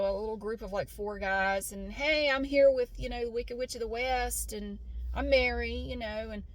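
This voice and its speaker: A woman with a somewhat high voice tells a personal story in a casual, candid way and does not hold back on swearing. She talks from inside a car, and a vehicle can be heard behind her. She acts out other people's lines as she goes. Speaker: vlogger telling a personal story. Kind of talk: casual storytelling while driving.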